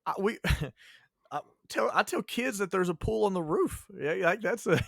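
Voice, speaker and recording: Guy cohosting a chill podcast, kinda high voice, jokey, laughs a lot, dry mic. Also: animated, moderate pace, gravelly, a bit bright, no echo. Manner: joking, laughs often while telling stories. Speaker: podcast co-host and teacher. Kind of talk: casual podcast chat.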